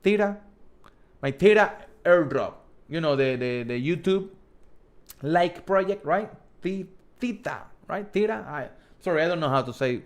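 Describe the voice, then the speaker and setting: A man's voice: a little high, animated, moderate pace. A man with a thick Spanish accent hosting a casual live stream, reading viewer questions aloud and rambling with many restarts and self-corrections. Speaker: host.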